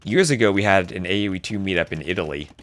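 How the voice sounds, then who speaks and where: Male game caster, deep register, lively swinging delivery, casual anecdotes between play-by-play. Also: fast. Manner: chatty, storytelling asides between excited play calls. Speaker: esports caster. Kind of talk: live game commentary with casual chat.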